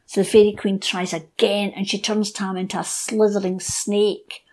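A woman telling a folk tale aloud, expressive and shifting between hushed and lively. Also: medium pitch, normal speed. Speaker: storyteller guest. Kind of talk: oral folk storytelling.

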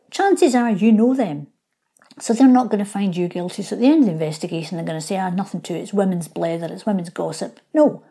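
A woman who is a local historian gives explanations during an interview in a mellow, mid-range voice. Now and then she slips into impressions of the people she's talking about.

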